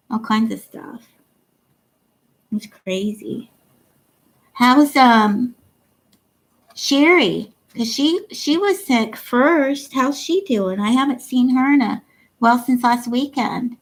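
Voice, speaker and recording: A woman's voice: on the high side, rough recording. A woman hosting a casual livestream chat, reading viewer comments aloud and laughing often. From Ohio. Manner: chatty, giggly, reads comments aloud. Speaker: livestream host.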